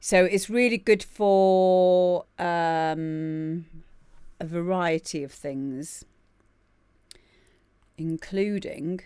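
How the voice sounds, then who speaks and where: A woman's voice: on the low side, very slow, pauses often, darkish tone, clean tone, no room sound. A woman in her thirties hosting a live stream, chatting casually and greeting viewers by name with laughs and rambling asides. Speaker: livestream host.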